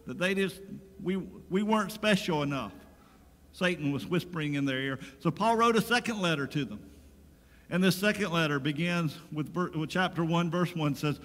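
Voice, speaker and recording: A man preaching from the pulpit, his somewhat high voice carried by a long church reverb. He switches between reading scripture and talking casually to the congregation, building to emphatic points. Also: fairly bright tone. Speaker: pastor. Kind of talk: sermon. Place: church sanctuary.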